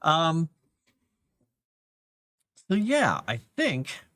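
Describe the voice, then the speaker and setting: A man's voice: fairly high pitch, huge pitch swings, drawn-out words, sharp tone, dry recording. A man rambling casually on a livestream, chatting to his cat between thoughts.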